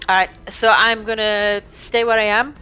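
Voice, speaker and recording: A woman playing a tabletop game over voice chat, chatty and quick to laugh. Her voice is bright and clear at a middle pitch. Faint music plays behind her. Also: little pitch movement, highs cut off. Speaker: player. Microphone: voice chat call.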